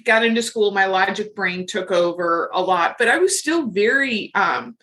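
A woman's voice: mid-range voice, animated, normal speed, fairly bright tone. A middle-aged woman talking frankly and casually as a podcast guest, with lots of fillers. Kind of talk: casual interview chat.

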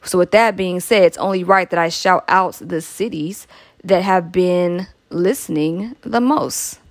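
A woman's voice: fairly low pitch, measured pace. A woman hosts her podcast in a loose, casual way. She laughs often and drifts into playful asides. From Atlanta, Georgia. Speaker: podcast host.

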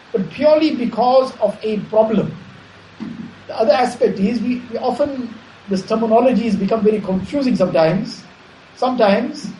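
A man giving a measured Islamic sermon, repeating phrases and explaining Arabic terms. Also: very high-pitched, mellow, slight background noise. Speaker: Islamic preacher. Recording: echoey room, faint ambience.

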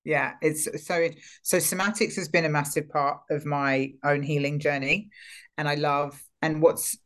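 A woman's voice: sits low, fairly even intonation, moderate pace, a bit bright. Reflective woman healer, searching for words. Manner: reflective, searches for words and circles back mid-sentence. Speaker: energy healer and coach, guest. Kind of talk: casual podcast conversation.

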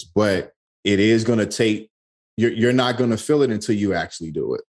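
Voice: mid-range voice, fairly quick. A host coach in a casual interview, affirming and encouraging in slangy talk.

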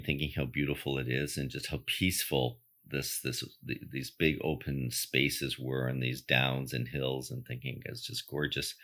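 A man's voice: rumbling low, pushed and bright. An older man hosting a spiritual podcast, telling a personal story in an earnest, emphatic, reflective monologue. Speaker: podcast host and medium.

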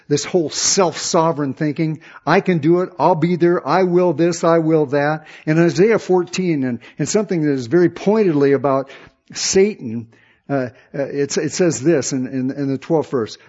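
A man's voice: fairly high pitch, darkish tone, breathy edge, dull audio. A man preaching a sermon, with emphatic rises and rhetorical questions. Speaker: pastor.

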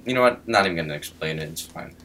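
A man's voice: deep voice, expressive, fast, fairly bright tone, a little hiss or hum, rough recording. A young man co-hosting a podcast, chatting casually and animatedly. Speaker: podcast co-host. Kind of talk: casual chat.

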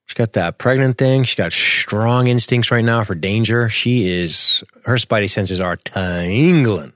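Deep-voiced man hosting a recap chat. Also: a little slow, dry recording. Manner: relaxed, laughs often, reads chat questions. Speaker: podcast co-host. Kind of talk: casual chat recapping a TV episode.

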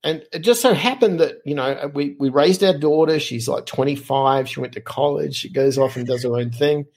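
Middle-aged Aussie male podcast guest, slightly raspy, chatty animated storyteller. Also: a little high, moderate pace. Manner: animated, lively anecdotes with frequent fillers. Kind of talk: casual storytelling.

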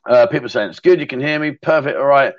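A middle-aged man hosts a casual livestream, talking quickly in a mid-range voice as he rambles through viewer comments and laughs easily. The recording is dull and dry with no echo.

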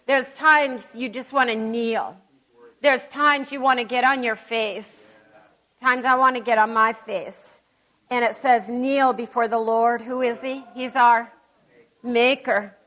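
A woman's voice: on the high side, fairly even intonation, slow pace, sharp tone. A woman giving a conversational sermon at a church service, emphatic and folksy, with chatty personal asides. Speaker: preacher.

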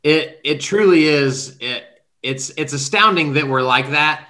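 Man, podcast host, slightly high voice, bright tone, chatty and encouraging. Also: measured pace. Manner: conversational, many fillers, encouraging. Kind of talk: casual podcast interview.

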